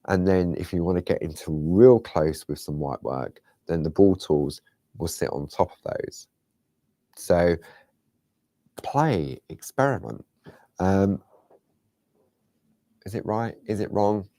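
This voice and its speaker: A chatty man presents a craft demonstration in a low, gravelly voice. His tone is warm and mellow, and the close recording sounds dry. He rambles loosely and now and then drops into a hushed near-whisper. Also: animated, slow pace, long pauses, no echo. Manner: chatty, rambling, drifts into soft whispers and laughs at himself. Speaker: craft show host.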